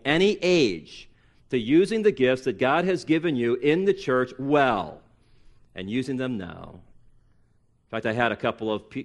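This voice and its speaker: Here a late-forties pastor preaches with emphasis, poking fun at excuses by mimicking them sarcastically. On the punchiest lines his voice rises in both pitch and volume, his force mounting on the key points.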